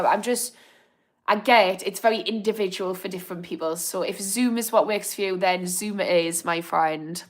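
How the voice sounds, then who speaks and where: A young woman with a Northern English accent, hosting a live stream and chatting casually while reading out viewer comments. She is apologetic and encouraging and laughs easily. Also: medium pitch. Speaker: livestream host.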